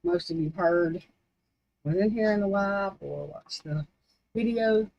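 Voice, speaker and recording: A woman's voice: medium pitch, a little slow, gravelly, a little mellow, poor audio. A woman reading spiritual cards on a casual livestream, scattered and swearing under her breath as she talks to herself. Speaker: spiritual card reader. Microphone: desk microphone.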